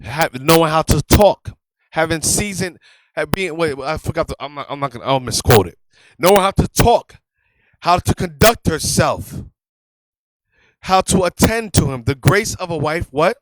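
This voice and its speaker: A man's voice: a little high, lively intonation, normal speed, no room sound, rough recording. A man teaching a religious class in an emphatic, conversational sermon style, often repeating his key phrases.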